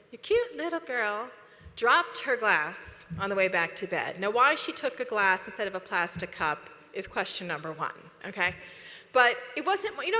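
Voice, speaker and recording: A woman giving a conference talk, chatty and animated, often asking the audience questions. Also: fairly high pitch, big-room sound. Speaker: speaker.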